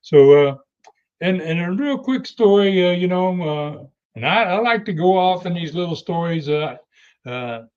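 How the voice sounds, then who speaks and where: Older guy rambling through an old story, lots of uh and you know, slightly high voice, kinda dull lo-fi sound. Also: expressive, a little mellow, clear, resonant tone. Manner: unhurried, many fillers and restarts. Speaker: wrestling legend guest.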